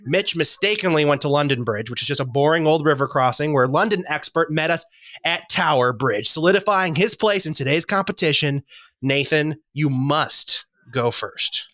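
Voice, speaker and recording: A man's voice: fairly high pitch, animated, sharp tone, no echo. A man hosting a comedy podcast, joking and laughing as he reads promos and introduces the contestants. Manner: jokey, reads promos quickly, laughs often. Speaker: host.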